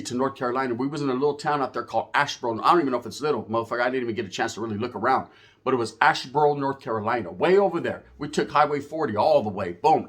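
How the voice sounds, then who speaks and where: A man talks straight to his viewers in a casual, profane rant. His pitch sits in the middle range. His delivery is emphatic and full of street slang, jumping from loud bursts to muttered asides. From US West Coast. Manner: animated, swings between loud and low. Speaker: channel host. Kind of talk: casual storytelling rant to camera.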